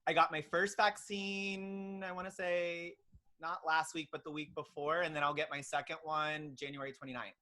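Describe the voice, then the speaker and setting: In a casual podcast interview, a young pediatric nurse tells stories earnestly, leaning heavily on ums and likes. He speaks at a moderate pace in a slightly high voice with flat delivery and a sharp tone.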